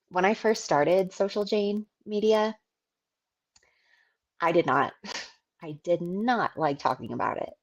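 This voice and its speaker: A woman's voice: lowish voice, darkish tone. A woman hosting her own podcast, talking candidly and casually about running a business, swearing and laughing now and then. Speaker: podcast host, business owner. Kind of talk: casual solo podcast talk.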